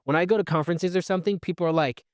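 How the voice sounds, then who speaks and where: Racing in a fairly high voice, a man hosts his solo podcast with clean studio sound and no room echo. Casual, with fillers and restarts, he animatedly acts out the conversations he recounts.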